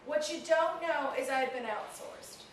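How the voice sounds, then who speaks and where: A woman in her thirties, a comedian, telling a story in a casual interview, animated and self-mocking, often laughing as she talks. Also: high voice, moderate pace, noisy background. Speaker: comedian guest. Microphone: handheld flip video camera. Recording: echoey room from a distant camera mic.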